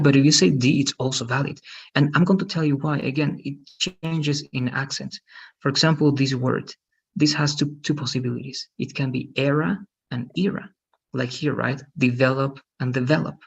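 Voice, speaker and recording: Over a video call, a man gives an online English pronunciation lesson, patiently explaining and often asking questions to check understanding. His medium-pitched voice is gravelly with a breathy edge, and the recording is muffled.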